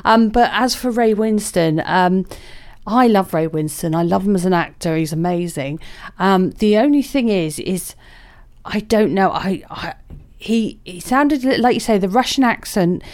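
A woman's voice: medium pitch, expressive, a little slow, a little mellow. A woman co-hosting a radio show, chatting casually about films with fond, rambling asides. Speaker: radio co-host. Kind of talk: casual film review chat.

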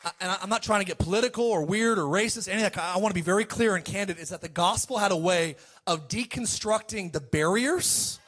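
A man preaching a sermon to a congregation, swinging between loud calls and quiet asides and asking for amens. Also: high voice, fast talker, few pauses.

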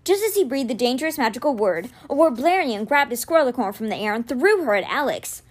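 Expressive woman reading a novel aloud. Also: fairly quick. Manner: expressive, voices dialogue with raised pitch. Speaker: reader.

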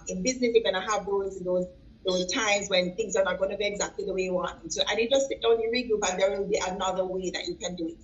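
A woman's voice: mid-range voice, highs cut off. A woman hosting an interview, asking questions in an enthusiastic and encouraging way. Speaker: interview host. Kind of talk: casual interview.

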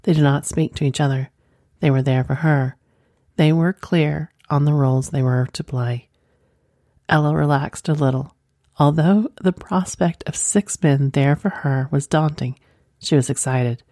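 Low, mellow woman reading a sensual story. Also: fairly even intonation, unhurried, dry recording, clean studio sound. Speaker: narrator.

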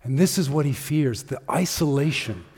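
Earnest pastor preaching in a reverberant hall. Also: male voice, mid-range voice, lively intonation, a little mellow, husky. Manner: earnest, conversational preaching with pauses and fillers. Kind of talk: sermon. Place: church sanctuary.

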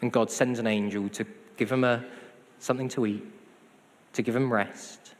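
A man's voice: mid-range voice, steady tone, moderate pace. A man preaching a sermon, conversational with self-deprecating humor. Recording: hall reverb.

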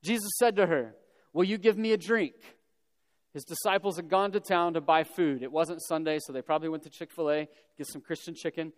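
Pastor guy preaching, kinda high voice, chatty jokey storytelling, long hall echo. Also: fairly even intonation, fast talker, few pauses. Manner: conversational storytelling with casual humorous asides. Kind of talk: sermon. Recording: long reverb of a large hall.

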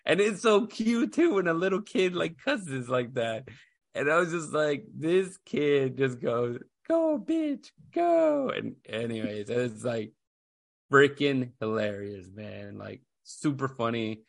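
A man's voice: medium pitch, expressive, a little slow, creaky, dry recording, clean studio sound. Rambling, chatty male podcast host. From Houston area, USA. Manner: rambling storyteller, lots of fillers and restarts. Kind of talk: casual chat.

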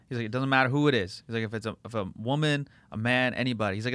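A man's voice: mid-range voice, rapid-fire, hardly any pauses, fairly bright tone. A man, hosting a podcast and telling a rambling, profane story with lots of fillers. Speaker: podcast host. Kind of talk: casual chat.

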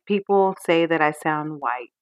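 A woman in her thirties, a podcast co-host, speaking crisply and emphatically in casual chat. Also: deep voice, measured pace. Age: 30s.

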